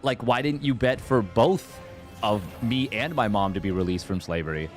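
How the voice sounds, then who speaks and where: A man's voice: fairly low pitch, normal speed, faint music behind, close to an everyday voice. A man voicing a naive young boy, whiny and full of questions, in a retold comic scene. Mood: questioning.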